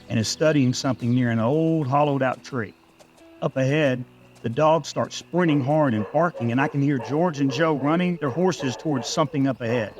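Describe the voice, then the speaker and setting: Male storyteller, mid-range voice; steady, measured first-person narration. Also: mid-range voice.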